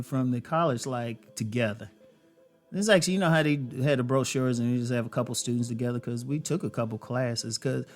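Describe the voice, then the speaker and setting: A man hosting a dating advice show, speaking to women in a loose storytelling way, with many fillers. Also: mid-range voice. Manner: conversational, storytelling, frequent fillers and laughs. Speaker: host. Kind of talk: casual advice monologue.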